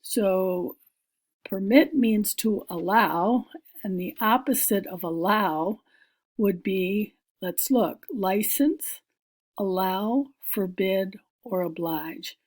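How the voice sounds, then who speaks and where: A woman's voice: medium pitch, slow, darkish tone. A woman teacher giving a recorded reading lesson, patiently explaining each word step by step and thinking aloud as she works through the page.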